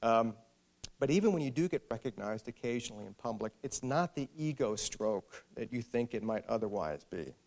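A man's voice: mid-range voice, expressive, moderate pace, vocal fry, a little mellow. A man, an author, giving a talk to a live audience and telling an anecdote with wry, self-mocking humor. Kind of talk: storytelling speech to an audience.

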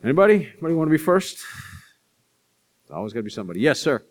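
A middle-aged man, an author, answering audience questions with chatty, self-deprecating stories and quick asides. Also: fairly high pitch, sing-song. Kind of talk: live Q&A storytelling.

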